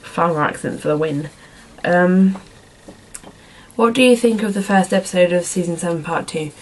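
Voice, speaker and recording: A young woman with a fairly low, slightly mellow voice answers viewer questions at a moderate pace in a casual vlog. Speaking in a put-on accent that isn't hers, she rambles and fills her talk with "like" and "um." The audio is poor.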